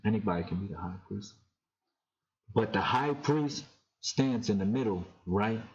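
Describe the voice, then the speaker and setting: A man giving a casual spiritual talk on his vlog, slowly chanting sacred names and speaking with excited emphasis. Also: on the low side. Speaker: vlogger. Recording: echoey, dull lo-fi room sound.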